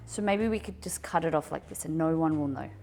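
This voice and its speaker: An Australian woman hosting a casual cooking livestream, chatty and excitable as she talks to her chat. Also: deep voice, brisk, soft background music.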